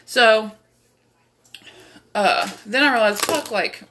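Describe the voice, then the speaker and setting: A woman's voice: fairly high pitch, takes it slowly, sharp tone, slight background noise. A young woman host telling a rambling, profane personal story, with lots of fillers. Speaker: podcast host. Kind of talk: casual storytelling.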